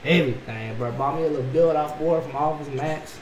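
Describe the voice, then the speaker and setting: A man hosting a reaction video, telling a story in a casual, animated, slangy way and saying bro a lot. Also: a little high, brisk. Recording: echoey room, mic at a distance, faint noise.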